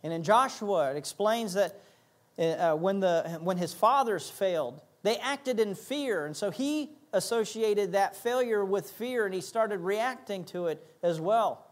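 A man's voice: sits high, expressive, a little slow. A man pastor preaching a sermon, emphatic, repeating key phrases and acting out little asides.

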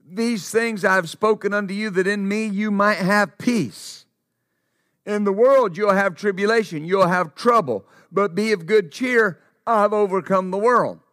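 A male preacher with a notably high voice delivers a sermon at a slow, deliberate pace. He drives his points home by repeating short phrases. The sound is dry, with no room echo. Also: fairly bright tone. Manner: emphatic, repeats phrases for stress.

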